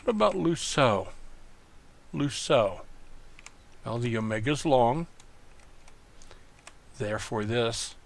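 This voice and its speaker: A man's voice: medium pitch, expressive, unhurried, gravelly, long pauses. A man tutoring in a recorded online lesson, explaining patiently and methodically, often repeating words. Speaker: Greek tutor.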